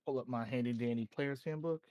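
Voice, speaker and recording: A man's voice: mid-range voice, a little fast, darkish tone. A man casually chatting with his tabletop game group and asking about his character's spell slots. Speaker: player.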